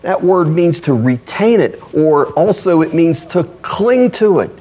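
A man preaching a sermon in a conversational way, acting out quoted voices and moving between loud emphasis and quiet, low asides. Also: animated, a little slow. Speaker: pastor.

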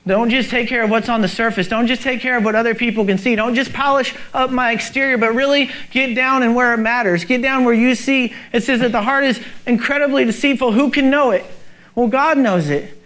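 A man's voice: very high-pitched, steady tone, fairly quick, fairly bright tone. A male pastor preaching a sermon, urgent and emphatic, asking the congregation rhetorical questions.

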